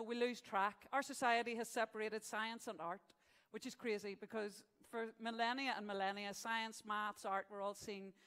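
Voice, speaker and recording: Lady hosting an awards do on stage, jokey and chatty, a bit high voice. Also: fairly bright tone, smooth, long reverb tail. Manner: jokey, chatty, tells gags with punchlines. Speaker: awards event host. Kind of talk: live stand-up style hosting. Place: event venue stage.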